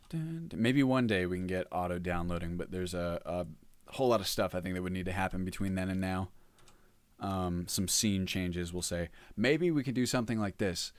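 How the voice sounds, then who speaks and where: A man's voice: low voice, clean tone, dry recording. A man streaming casually while working, rambling, reading chat aloud and humming to himself. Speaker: modlist developer streamer.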